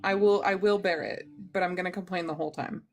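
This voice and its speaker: A woman's voice: on the low side, fairly even intonation, fast, a little mellow, soft background music. A woman from Utah, chatty and plainspoken, joking about complaining in a casual chat. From Utah, USA. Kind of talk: casual live-stream chat.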